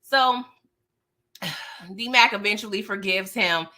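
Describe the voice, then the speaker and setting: A woman's voice: mid-range voice, slow pace, sharp tone. A woman hosting a casual livestream recap of a TV show, chatting in slangy, playful talk and laughing often.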